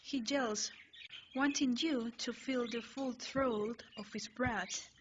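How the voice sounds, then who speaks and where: A woman reads a second-person fanfiction story aloud in a plain, slightly stumbling way. Her voice sits a little high. The sound is slightly muffled, with a faint hiss from a home recording. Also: fairly even intonation, slow pace. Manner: plain reading with small stumbles. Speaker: fanfiction reader.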